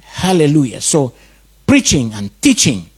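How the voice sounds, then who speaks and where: A man's voice: on the high side, huge pitch swings, measured pace, husky. A man preaching a sermon, in repeated rhythmic calls.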